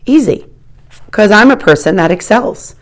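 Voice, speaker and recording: A woman's voice: medium pitch, expressive, moderate pace, voice pushed up, natural voice. A woman voicing a snooty, boastful schoolgirl rival who talks in a sneering, smug way.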